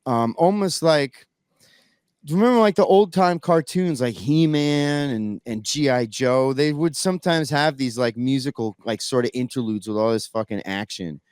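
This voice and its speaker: A man's voice: mid-range voice, normal speed, darkish tone, clean tone, no room sound, clean studio sound. A man telling a backstage story in casual podcast chat, rambling with many restarts and fillers. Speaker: guest musician.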